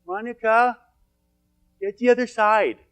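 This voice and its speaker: A small girl of eight whines and pleads in a raised, childlike register, insisting the task is too hard, as a man puts her on in the middle of a story. Soft background music hums under the voice. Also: high-pitched, measured pace, smooth, pitched above the performer's own voice. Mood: pleading. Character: pleading little girl, eight years old.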